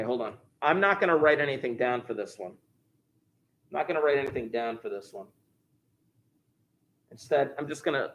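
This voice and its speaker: A man's voice: medium pitch, slightly rough. A male math teacher walking a class through review problems, thinking aloud as he goes. He slips in corny jokes between steps and keeps the tone loose and chatty. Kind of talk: recorded class review lesson.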